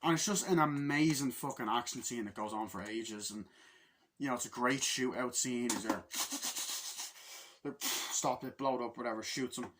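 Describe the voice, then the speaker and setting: A man giving a casual movie review, excitable and very profane, acting out the scenes he describes. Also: medium pitch, normal speed, slight background noise. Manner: excitable and heavily profane, acts out scenes in loud impressions.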